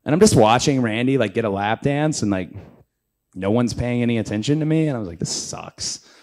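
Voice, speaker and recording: A man's voice: mid-range voice, animated, fast, darkish tone. A man in his thirties, an interview guest telling a casual story, acting out quotes in raised voices. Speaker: interview guest, pro wrestler.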